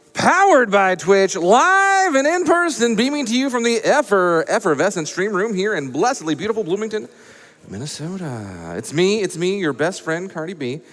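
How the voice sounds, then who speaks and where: Playful hype man from atlanta, high voice that bounces all over, big echoey hall. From Atlanta, USA. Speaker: event host reading donations. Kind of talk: live hype hosting. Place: live charity gaming event stage with crowd.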